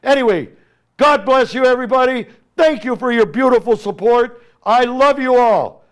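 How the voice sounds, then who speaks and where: In a very high-pitched voice at normal speed, a middle-aged Armenian American man addresses his opponents head-on. He's a congressional candidate hosting a talk show, and his political monologue is emphatic and impassioned.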